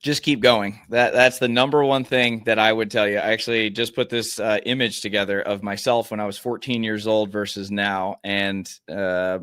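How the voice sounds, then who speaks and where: Earnest low-voiced male golf coach. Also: fairly even intonation, moderate pace, few pauses, fairly bright tone, smooth, no echo, clean studio sound. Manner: earnest, encouraging advice with filler "uh"s. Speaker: podcast guest, mental golf coach. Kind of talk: casual podcast interview.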